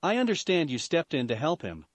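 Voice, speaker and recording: A man's voice: a little high, wildly swooping pitch, brisk, no echo. A man voicing a dry, detached young assassin. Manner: dry, matter-of-fact.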